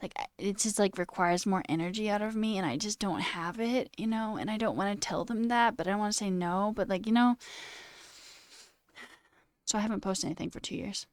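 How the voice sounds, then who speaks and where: A woman's voice: medium pitch, fairly quick, dry recording, clean studio sound. A woman in her twenties chatting casually on a livestream, ranting with lots of "like" and swearing. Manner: chatty, animated rants, says "like" a lot, swears. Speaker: coding livestreamer. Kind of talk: casual chat while reading stream chat.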